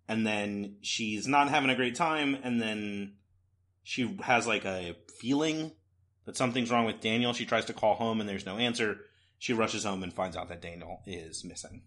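Casting note: man with a lowish voice, relaxed co-host talk, lots of "like" and "uh". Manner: loose and conversational, many fillers. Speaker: podcast co-host. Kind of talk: casual comic book discussion.

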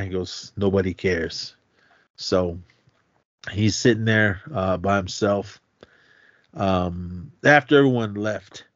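On a podcast, a male co-host with a slightly low voice recaps a film's story in a loose, rambling chat, acting out each line with "he goes." The recording is dry, a bit dull and lo-fi, with no room sound around it.

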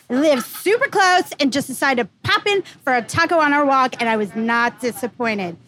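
Brief: brash Jersey Shore woman, put on by a woman, high and emphatic. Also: lively intonation, moderate pace, a little hiss or hum. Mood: brash excited. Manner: brash, shouty emphasis on every exclamation.

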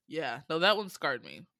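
A woman chatting casually about an animated series, animated in her telling, swearing and laughing often. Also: deep voice, no echo. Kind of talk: casual chat reviewing an animated anthology.

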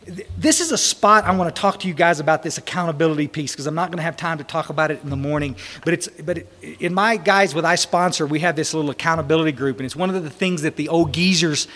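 A man's voice: fairly high pitch, fast talker, a bit bright. A man giving a storytelling talk to a men's group at a recovery retreat, folksy and blunt with many restarts and mild swearing. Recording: long hall reverb.

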